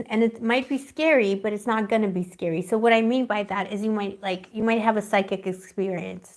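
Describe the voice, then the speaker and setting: A woman's voice: medium pitch, darkish tone. A woman giving a live tarot reading, rambling and affectionate, calling her viewers pet names and searching dreamily for her words. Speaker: tarot reader.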